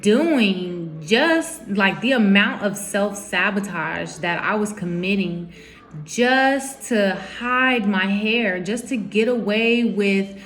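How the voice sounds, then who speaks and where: A woman's voice: mid-range voice, expressive, slow, a bit bright. A young woman telling a personal story to camera at home, candid and emotional, with informal slangy quoted speech. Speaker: vlogger.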